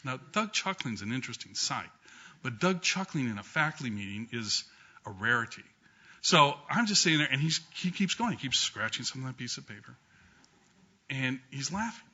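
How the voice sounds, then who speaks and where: A man's voice: medium pitch, sing-song, fairly quick, pushed and bright, slightly rough. A middle-aged man, a law professor, tells humorous anecdotes at a memorial gathering, with frequent ums and restarts. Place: law school courtroom with an audience. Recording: dull lo-fi recording.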